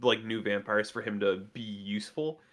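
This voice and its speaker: A man co-hosting a casual live stream, giving quick, blunt opinions with lots of "like" filler. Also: on the low side, level tone, fairly bright tone. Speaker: co-host on a livestream.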